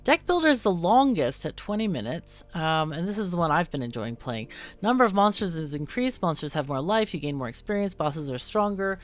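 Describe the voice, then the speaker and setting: A woman's voice: lowish voice, very animated, brisk. A woman hosting a casual let's-play, chatting through the game with lots of ums and self-corrections. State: hiccuping. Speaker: gaming channel host.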